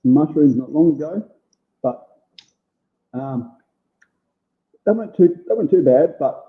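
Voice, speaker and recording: A man's voice: a little high, animated, measured pace. Hesitant man on a tinny line. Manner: hesitant, short answers with many "um"s. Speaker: guest, jerky maker. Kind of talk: casual chat.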